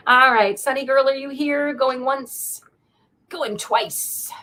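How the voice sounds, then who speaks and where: High-pitched, pushed and bright, this woman's voice carries her live tarot readings. She's loving and talkative with viewers, prone to laughter and emotional moments.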